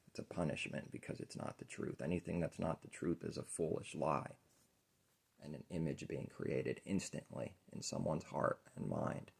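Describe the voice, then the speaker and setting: A man preaching an informal sermon, rambling and earnest, often trailing off quietly. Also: a bass voice, creaky, husky.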